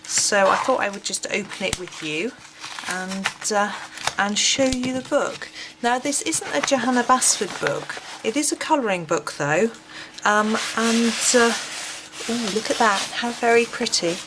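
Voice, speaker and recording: Gentle, hesitant woman over steady hiss. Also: on the high side, unhurried. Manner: gentle, hesitant, frequent ums, drops to near whisper while unwrapping. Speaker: colouring book reviewer. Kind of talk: casual flip-through review. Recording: steady background noise.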